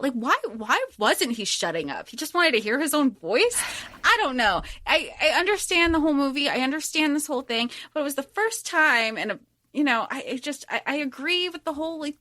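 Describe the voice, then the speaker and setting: A woman with a bright, fairly high voice co-hosts a casual podcast. She is heated and emphatic and swears a lot. The sound is dry and close. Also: no echo. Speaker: podcast co-host. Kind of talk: casual chat.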